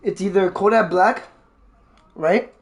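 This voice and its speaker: High-voiced excitable young male streamer. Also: slow pace, creaky. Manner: excitable, swears a lot, jumps from loud outbursts to low mutters; talks straight to his chat viewers. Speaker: livestreamer. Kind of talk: casual livestream chat.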